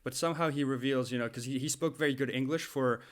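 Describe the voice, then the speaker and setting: A young man telling a story in a casual podcast chat, animated and laughing often, with many restarts. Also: medium pitch, quick pace. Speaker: podcast co-host.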